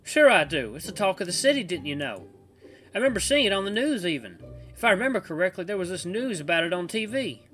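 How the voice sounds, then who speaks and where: A man voicing a kindly old grandfather with a put-on Southern accent and a soft, reassuring drawl. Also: high voice, sing-song, fast talker, faint music behind, pitched above the performer's own voice. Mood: reminiscing. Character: kindly old grandfather bartender, gentle and caring.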